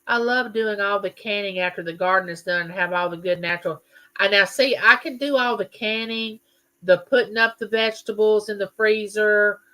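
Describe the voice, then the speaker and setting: A woman's voice: mid-range voice, moderate pace, pushed and bright. A middle-aged woman, hosting a livestream in a chatty, folksy way and reading viewer comments aloud. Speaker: livestream host. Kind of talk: casual live chat reading viewer comments.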